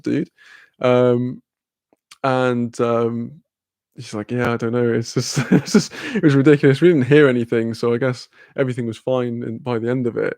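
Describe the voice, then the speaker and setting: A man's voice: mid-range voice, steady tone, fairly quick, a little mellow, no echo, clean studio sound. A young man, casually telling a rambling story with lots of fillers, laughter and swearing. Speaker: streamer.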